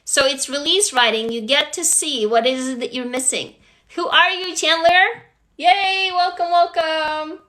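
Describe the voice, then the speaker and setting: A woman's voice: high-pitched, moderate pace, bright, forceful tone. A woman hosting a casual livestream, talking straight to her viewers, coaching them through writing prompts and gushing over each new arrival. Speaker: livestream host.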